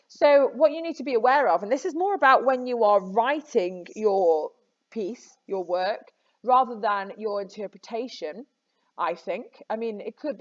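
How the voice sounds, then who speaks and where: Chatty woman teacher, slightly muffled. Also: mid-range voice. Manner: chatty, self-correcting, encouraging. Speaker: English teacher. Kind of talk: recorded classroom lesson. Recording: slightly dull lo-fi audio.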